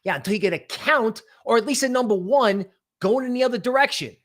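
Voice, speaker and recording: A man hosting a casual crypto market stream, talking in an animated, rambling way full of asides. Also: extremely high pitch, a little fast. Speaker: crypto market show host.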